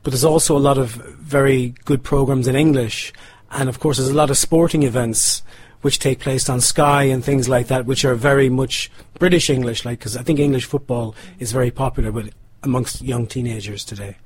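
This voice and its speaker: A man's voice: mid-range voice, steady tone, normal speed, hardly any pauses, slightly rough, no room sound. A man with an Irish accent giving a hesitant unscripted statement, repeating words as he goes. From Republic of Ireland.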